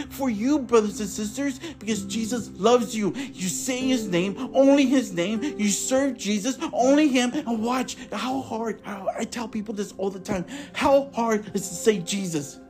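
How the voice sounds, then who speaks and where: A man hosting his own podcast, giving a fervent, repetitive testimony that swings between emphatic bursts and quiet asides. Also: extremely high pitch. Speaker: podcast host. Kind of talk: impassioned testimony preaching.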